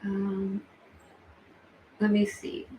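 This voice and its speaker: A woman's voice: mid-range voice, completely flat delivery, drawn-out words, dark tone. A woman hosts a casual livestream, answering viewers in a chatty, feeling way full of fillers. Her voice rings in a roomy, echoey space with a faint hum of background noise. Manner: chatty, emotional, many fillers. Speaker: livestream host. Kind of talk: casual livestream chat reading comments.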